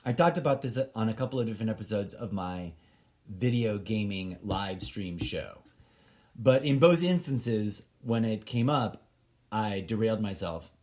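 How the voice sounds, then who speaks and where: A man's voice: fairly low pitch, animated, normal speed, darkish tone. A middle-aged man hosting a solo podcast, rambling along and wandering off on tangents as he talks to himself. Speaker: podcast host.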